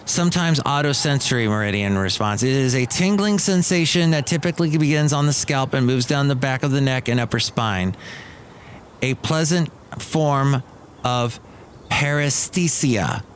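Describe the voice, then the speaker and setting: A man's voice: mid-range voice, animated, moderate pace, a little hiss or hum. A middle-aged man hosting a podcast, rambling through a casual comic monologue with restarts and asides. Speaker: podcast host.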